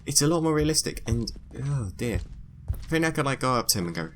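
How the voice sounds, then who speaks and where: A man giving chatty let's-play commentary, muttering to himself and breaking into excited squeals. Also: mid-range voice, quick pace, slight background noise. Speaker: gameplay commentator.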